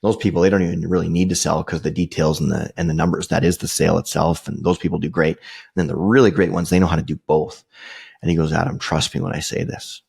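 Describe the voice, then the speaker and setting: A man's voice: low-pitched, level tone, quick pace, creaky, a little mellow, slightly rough. A man, hosting a podcast and telling a personal story in a casual, conversational way, swearing freely and restarting often. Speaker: podcast host.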